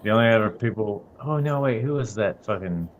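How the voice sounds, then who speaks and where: A man's voice: lowish voice, animated, brisk, highs cut off, slight background noise. A man, a guitar luthier, joking around in casual, profane banter as a guest. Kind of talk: casual chat.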